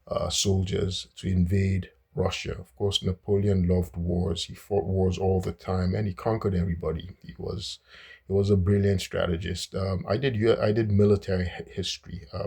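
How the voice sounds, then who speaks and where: A man's voice: deep voice, gravelly, a little mellow, breathy edge. A man hosting a casual, unscripted history talk, with many fillers and restarts.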